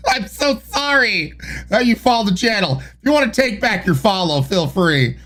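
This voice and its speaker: A man's voice: high voice, sing-song, moderate pace, a bit bright. A man streaming live, chatting casually and mocking his own corny jokes. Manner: wry, self-mocking, sighs and laughs.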